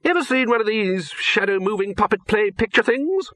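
A man's voice: high-pitched, lively intonation, normal speed, a bit bright, no room sound, voice pushed up. A man voicing a bluff, hearty old male archchancellor wizard who talks in blunt, clipped bursts. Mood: curious.

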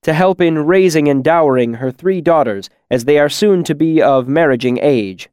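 A man's voice: fairly high pitch, lively intonation, moderate pace, a little mellow, clear, resonant tone, dry recording, clean studio sound, voice pushed up, close to an everyday voice. Man doing a cheeky young guy reading his will, grand and showy. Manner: grand, magnanimous.

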